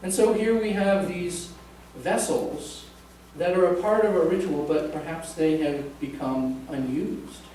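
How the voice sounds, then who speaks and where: A male pastor with a slightly high, dark-toned voice preaches conversationally in a church sanctuary, joking with the congregation. He's heard from afar through a distant mic, with roomy reverb and a faint hiss.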